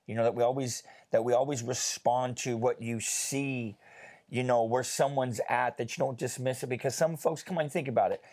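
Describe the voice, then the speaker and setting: A man telling a personal story in a casual faith discussion, chatty and animated, with many fillers. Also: medium pitch.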